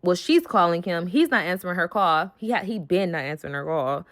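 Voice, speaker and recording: A woman's voice: lowish voice, animated, a little fast, fairly bright tone. Heated, profane young woman telling a story. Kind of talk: storytime vlog.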